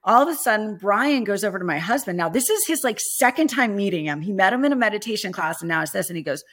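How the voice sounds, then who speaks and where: A woman's voice: mid-range voice, expressive, quick pace, a bit bright. A woman talking as a guest on an interview show, telling a story in a chatty way full of "like" fillers.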